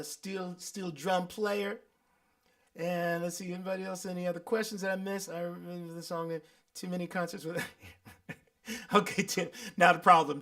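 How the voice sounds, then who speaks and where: A man's voice: high voice, fairly bright tone. Man, livestream host, affirming, reads comments aloud, chatty sign-off. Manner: sings and hums playfully. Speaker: host and musician.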